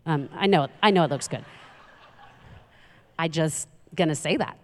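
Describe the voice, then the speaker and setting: A woman's voice: mid-range voice, a little fast. A woman in her thirties giving a conversational sermon as a pastor, often asking the audience questions. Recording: reverberant hall.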